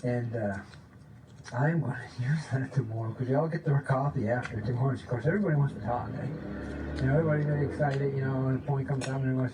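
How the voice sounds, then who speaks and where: A man giving an informal, excited spiritual talk, often checking in with "okay?" and sometimes dropping to a low voice to demonstrate. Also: fairly quick. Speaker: spiritual teacher. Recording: distant mic with faint background noise.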